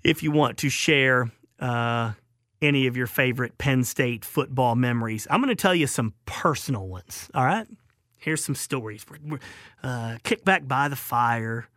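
Southern male radio host, bright and slightly high, rambling and chuckling, dry studio sound. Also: normal speed, no echo. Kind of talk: call-in radio storytelling.

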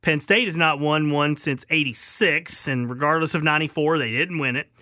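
Bright-voiced man hosting sports radio. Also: a little high, normal speed, dry recording, studio quality. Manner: animated, laughs easily, asks questions. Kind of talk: sports talk radio chat.

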